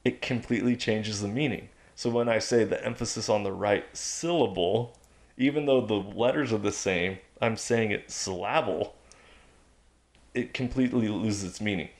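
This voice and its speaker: A man's voice: lowish voice, a little fast, hardly any pauses. A man talking as a guest on a podcast in a casual chat, emphatic and preachy as he drives his points home.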